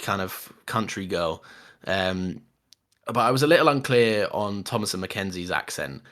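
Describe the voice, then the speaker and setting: A man co-hosting a podcast, chatting casually about a film with lots of restarts and laughter. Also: on the low side. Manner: animated, laughs often, many restarts. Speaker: podcast co-host. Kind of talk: casual film review chat.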